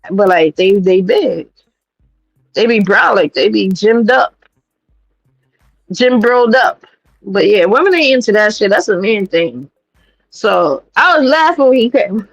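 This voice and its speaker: A woman from New York City hosting a livestream, talking in a blunt, profane and animated way as she gives her commentary. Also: fairly high pitch, no room sound, dull audio. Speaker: streamer host.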